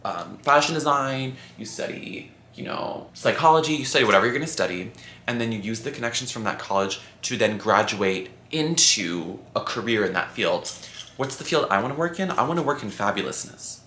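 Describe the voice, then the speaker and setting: A man of about twenty, the channel's host, answering viewer questions in a chatty, campy, expressive way. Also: medium pitch, brisk, slight background noise. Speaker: YouTuber. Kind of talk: casual Q&A vlog. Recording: echoey room.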